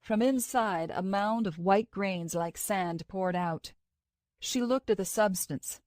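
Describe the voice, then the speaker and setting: A woman narrates an audiobook in a steady, even storytelling voice. Her pitch sits in the middle range, and the recording is dry and close with no room echo. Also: slow pace. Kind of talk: scripted narration.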